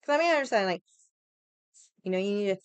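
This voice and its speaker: Young woman from Hawaii, casual storytelling, chatty and blunt, mid pitch, close dry mic. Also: expressive, clear, resonant tone, no echo. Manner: chatty, laughing, quick asides, swearing; irritated, stubborn storyteller. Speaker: vlogger.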